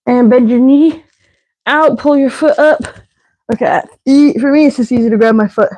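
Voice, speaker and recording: A woman's voice: sits high, normal speed, a little mellow, poor audio. A woman leading a live workout as fitness instructor, counting reps and cueing stretches while out of breath. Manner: counting reps, breathy and winded between cues.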